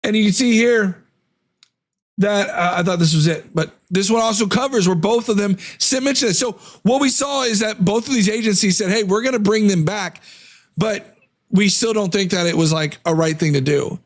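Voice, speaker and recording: High-voiced man ranting on a live stream. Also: normal speed. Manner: reads statements aloud, then rants against them. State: losing his voice from illness. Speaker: political commentary streamer. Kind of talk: casual live-stream commentary.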